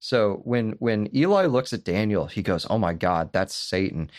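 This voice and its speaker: Low-voiced man, profane podcast chat. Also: moderate pace, no room sound, studio quality. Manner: animated, profane storytelling. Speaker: podcast co-host. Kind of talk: casual chat.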